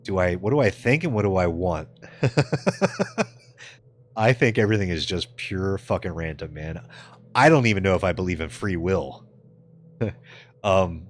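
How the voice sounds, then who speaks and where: A man's voice: sits low, slight background noise. A man live-streaming in casual chat, answering his viewers with loose, profane jokes and frequent laughter.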